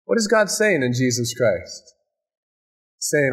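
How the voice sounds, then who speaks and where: A male pastor delivers a sermon in a mid-pitched voice. He preaches emphatically, building repeated phrases and leaning on dramatic pauses. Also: sing-song.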